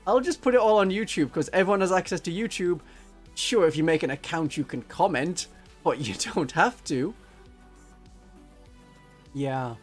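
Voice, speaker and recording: A man's voice: high-pitched, expressive, normal speed, pauses often, faint music behind. A man chatting casually on a livestream, joking and now and then slipping into silly voices. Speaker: streamer.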